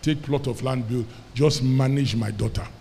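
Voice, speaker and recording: A Nigerian pastor preaching, acting out the people in his story and having the congregation repeat lines back to him. His voice sits at a middle pitch and carries a long reverb from a large hall, with faint room noise behind it. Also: normal speed, creaky. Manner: animated storyteller, quoting characters, calling on the congregation to repeat. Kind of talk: sermon storytelling.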